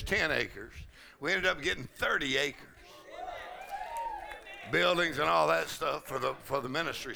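A man preaching at a conference, shouting and laughing loudly as he preaches. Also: fairly high pitch, vocal fry. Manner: shouting, laughing loudly, Southern colloquial speech. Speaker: pastor. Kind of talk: charismatic preaching sermon. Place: large conference hall.

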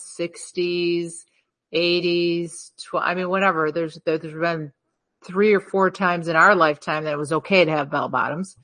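A woman's voice: lowish voice, a bit bright. A woman co-hosting a podcast in casual chat, musing aloud and questioning herself as she goes. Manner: musing, wandering, self-questioning. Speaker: podcast co-host.

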